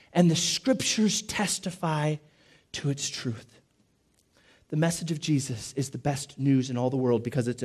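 A man preaching a sermon in an emphatic, repetitive way, slowing to stress key phrases and dropping his voice low. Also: mellow. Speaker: pastor.

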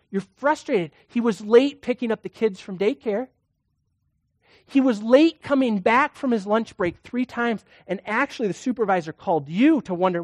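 Preacher, conversational sermon, rhetorical questions, middle pitch, dry close sound. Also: expressive, normal speed, no echo.

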